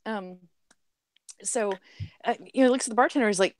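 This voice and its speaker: A woman's voice: mid-range voice, lively intonation, a little fast, long pauses, no echo. A woman on a podcast telling long jokes in casual chat, with lots of fillers and little acted voices. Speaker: podcast guest.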